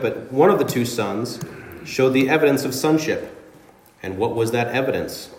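A man's voice: medium pitch, animated, normal speed, echoey room, slight background noise. A man preaching a sermon as pastor, speaking earnestly and emphatically, with dramatic readings of scripture. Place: church sanctuary.

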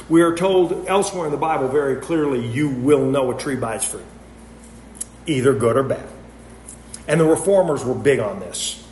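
A man's voice: fairly high pitch, a little mellow. Brief: male pastor, emphatic sermon delivery, roomy echo. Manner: earnest preaching, emphatic contrasts, rhetorical questions. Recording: echoey room with faint noise.

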